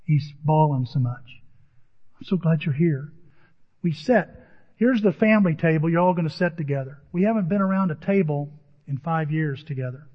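A middle-aged man preaches a sermon, telling a personal story with quoted conversations. His voice sits a little higher than most men's. The audio is dull and carries a long reverb, as in a big church hall. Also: moderate pace. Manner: personal anecdotes with quoted dialogue, earnest. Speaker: pastor.

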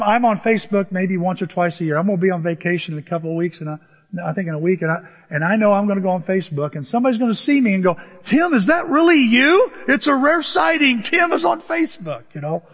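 In a church with dull acoustics and long reverb, a man whose voice sits high preaches quickly as pastor. His delivery is chatty and humorous, building to emphatic high points.

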